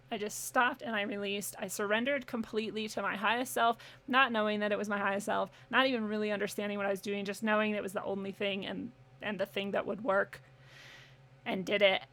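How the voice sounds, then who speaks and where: A woman's voice: mid-range voice, bright, forceful tone. A young adult woman telling a personal story in a casual, candid way, swearing freely and laughing now and then. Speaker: podcast guest.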